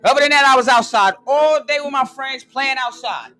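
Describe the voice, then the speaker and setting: A livestream host ranting emphatically, often repeating "excuse me" and "hold on", swinging between loud and hushed and drawing out key phrases into a phone. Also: high voice, moderate pace, faint music behind. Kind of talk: conspiracy rant on a live stream.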